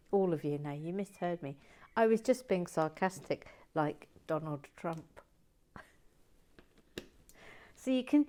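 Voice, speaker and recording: A woman hosting a building stream, chatting casually and playfully, reading viewer comments aloud and dropping to murmurs while she concentrates. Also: on the low side. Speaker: host of a brick-building stream.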